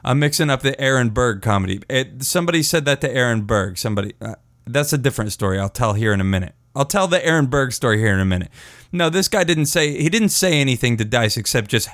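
A podcast host tells a rambling, profane story in casual fashion, often laughing at his own words. His mid-range voice is a bit bright and a little fast, in a dry, studio-quality recording.

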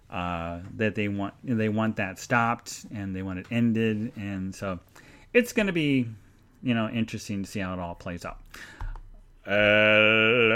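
With a fairly low, smooth voice that has a fairly bright tone, a man hosts a live podcast. He meanders chattily, reads out comments from listeners, and plugs the show with jokey sarcasm.

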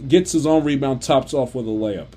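A sports commentator rants off the cuff about a basketball game, exasperated and stumbling over restarts and repeats. His voice is mid-range and dark-toned, at a normal speed.

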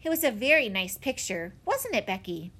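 A woman's voice: mid-range voice, sing-song, moderate pace, fairly bright tone. A woman voicing a flustered young babysitter who talks in a coaxing, apologetic way. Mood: polite.

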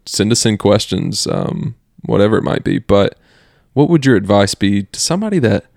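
A man co-hosting a podcast, upbeat and chummy, asking questions in a relaxed, casual way. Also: on the low side, moderate pace, vocal fry, dry recording, clean studio sound. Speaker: podcast co-host. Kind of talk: casual faith discussion.

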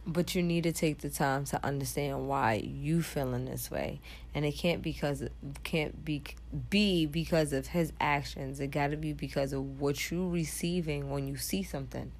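A woman's voice: low-pitched, steady tone, normal speed, darkish tone. A woman co-hosting a casual podcast as a mother, talking bluntly and emphatically, swearing freely and laughing easily.

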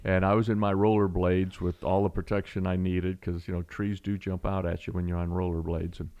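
A middle-aged man telling a personal story in a conversational way, animated and acting out the voices. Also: deep voice, a little fast, highs cut off. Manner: animated storyteller, acts out voices, restarts often.

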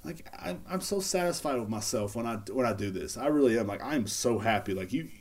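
A rambling man talks alone into the mic on his casual podcast. He jokes, swears freely and leans on fillers, with a voice sitting in an ordinary middle pitch. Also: expressive, fairly quick. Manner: rambling, joking, profane, laughs at own bits. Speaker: podcast host. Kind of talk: casual solo podcast rant.

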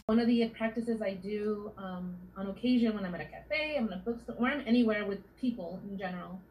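A woman guest writer in a casual interview, chatting and telling stories in an animated way. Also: medium pitch, fairly quick, music in the background, rough recording.

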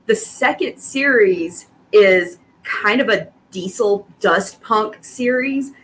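Co-host: woman in her thirties or forties, lively storyteller, mid pitch, faint noise under the recording. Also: slow pace. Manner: lively storyteller who laughs often. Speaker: podcast co-host. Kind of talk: casual podcast chat.

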